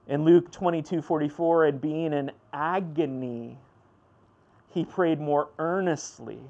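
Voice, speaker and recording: A man preaching a sermon in a conversational way, with fillers and asides to the congregation, swinging between loud emphatic bursts and low hushed passages. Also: dull audio.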